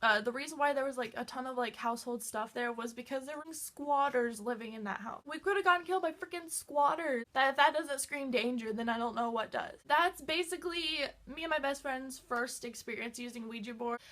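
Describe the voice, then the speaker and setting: High-voiced excitable woman telling a story. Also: a little fast, hardly any pauses. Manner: excitable, fills talk with "like". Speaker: vlogger. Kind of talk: casual storytime chat.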